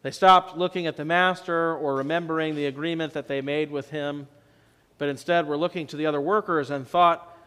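A man preaching a sermon as pastor, telling the story in a conversational way and swinging between loud and soft for emphasis. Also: fairly high pitch, fairly even intonation, fairly quick, smooth. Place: church sanctuary. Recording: long church reverb.

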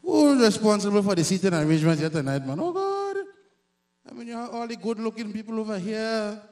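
A man from Grenada with a Grenadian accent, performing a loud, self-mocking stand-up comedy set on stage. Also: sits high, expressive, fast talker. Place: live comedy stage before an audience.

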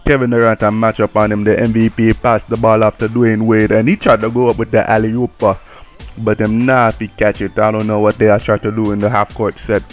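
A man's voice: on the low side, fairly quick, soft background music, close to an everyday voice. A man voicing a brash, swearing male game commentator with a put-on Jamaican accent, calling the play live. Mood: mocking. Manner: swearing, mocking, excitable play-by-play.

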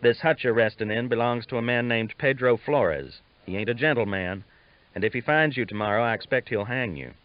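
A man voicing a calm, stern frontier captain who speaks level and terse, on a dull lo-fi recording. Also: medium pitch, a little fast, no room sound, natural voice.

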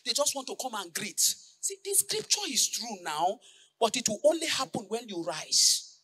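A woman pastor, preaching a fervent sermon that slips into sung lines and shouted declarations. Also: fairly high pitch, very animated, normal speed, breathy edge.

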